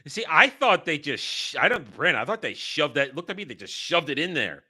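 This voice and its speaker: A man's voice: a little high, very animated, brisk, sharp tone, slightly rough, no room sound, clean studio sound. A man speaking as a guest on a casual review panel, blunt and agreeable, laughing easily.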